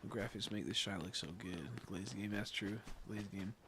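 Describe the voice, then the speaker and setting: A man's voice: on the low side, fairly even intonation, normal speed, background noise. A young man streaming a game, chatting casually, rambling, giggling often and swearing freely. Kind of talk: casual livestream chat while gaming.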